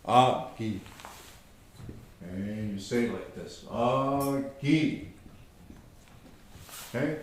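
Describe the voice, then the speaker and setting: A man teaching an online language class, speaking slowly and patiently, repeating words and checking in with his students. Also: fairly high pitch, roomy sound. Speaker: language instructor.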